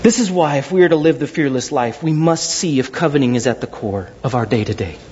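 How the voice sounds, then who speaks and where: Animated husky man preaching in a hall. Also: medium pitch, a little fast, slight background noise. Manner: animated, dramatic storytelling with acted-out quotes. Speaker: pastor. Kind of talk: sermon. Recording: dull sound in a large reverberant hall.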